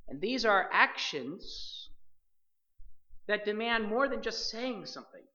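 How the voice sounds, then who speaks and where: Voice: medium pitch, lively intonation, slow, pushed and bright, lo-fi sound. A preacher delivering a sermon with emphatic, direct address to the listeners as believers.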